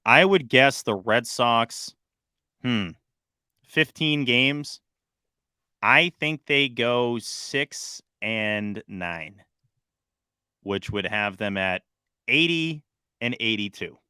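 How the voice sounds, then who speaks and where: A young man co-hosting a casual sports podcast, excitable and swinging between loud bursts and quieter asides. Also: mid-range voice, very slow, pauses often, clear, resonant tone, dry recording, clean studio sound. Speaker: podcast co-host.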